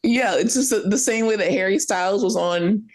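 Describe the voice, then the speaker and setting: A woman co-hosting a casual pop-culture podcast, emphatic and quick to laugh. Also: medium pitch. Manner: animated, emphatic, laughs often. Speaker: podcast co-host.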